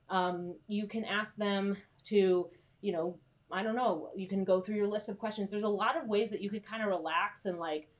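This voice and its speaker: A young woman coaching freelance writers in a casual, chatty live stream, reassuring and full of fillers. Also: medium pitch.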